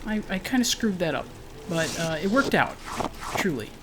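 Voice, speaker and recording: A woman's voice: fairly low pitch, sing-song, normal speed, noisy background. A woman giving chatty, casual let's-play commentary, talking to herself and her viewers and letting out jumpy shrieks at enemies. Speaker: gaming streamer. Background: game music.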